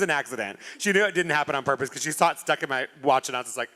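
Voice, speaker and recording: Male host, bright and crisp, animated storyteller who swears freely. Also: on the high side, very fast, hardly any pauses. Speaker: podcast host. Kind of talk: casual storytelling chat.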